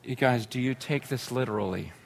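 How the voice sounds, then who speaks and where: A man preaching as a pastor, telling a story conversationally with many asides, swinging between excited outbursts and hushed earnest lows. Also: brisk, creaky, slight background noise. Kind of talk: sermon storytelling.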